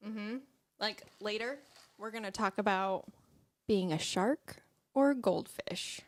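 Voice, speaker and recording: A woman co-hosting a casual morning talk show, chatty and quick to laugh. Her voice sits at a middle pitch and sounds close and dry, with no room around it. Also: no echo. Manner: chatty, laughs easily, quick encouraging replies. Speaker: co-host.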